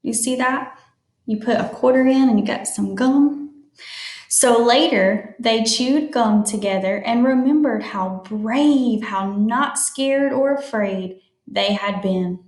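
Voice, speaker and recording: A woman reading a picture book aloud to children, slowly explaining new words as she goes. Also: on the high side, darkish tone, reverberant. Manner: slow, explains words to young listeners. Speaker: storytime reader.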